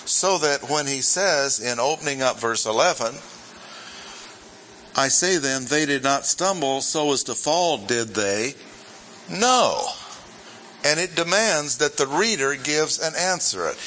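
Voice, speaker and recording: Slow, emphatic man teaching scripture. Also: mid-range voice, animated, sharp tone, slight background noise, poor audio. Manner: emphatic, deliberate, repeats key points. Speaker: Bible teacher. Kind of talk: verse-by-verse Bible teaching.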